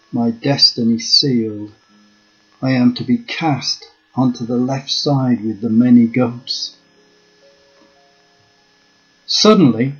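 Slow, measured male storyteller. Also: mid-range voice. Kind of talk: memoir storytelling. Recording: dull lo-fi with faint guitar.

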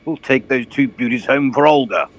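A man's voice: medium pitch, moderate pace, lightly acted. A man playing a pompous, blustering old colonel who hunts for bargains. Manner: blustering, posh, excitable.

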